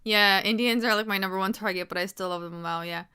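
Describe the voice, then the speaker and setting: A woman's voice: medium pitch, steady tone, fast talker, pushed and bright, clean tone. A young adult woman chatting casually on a livestream, rambling and swearing freely.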